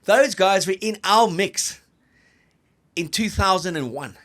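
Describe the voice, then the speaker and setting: Bright, jokey man. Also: high voice, takes it slowly. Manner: animated, jokey, laughs often. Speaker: rugby pundit co-host. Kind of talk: casual podcast banter.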